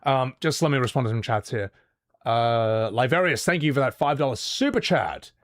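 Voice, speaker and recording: A man's voice: medium pitch, normal speed, no echo, clean studio sound. A man doing live-stream reaction commentary, opinionated and rambling, with stammered restarts.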